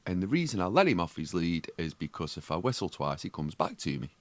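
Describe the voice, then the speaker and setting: A man's voice: deep voice, big pitch swings, brisk, no room sound. A man, co-hosting a podcast and telling a story in casual chat, acting out the other people's voices and swearing freely. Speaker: podcast co-host.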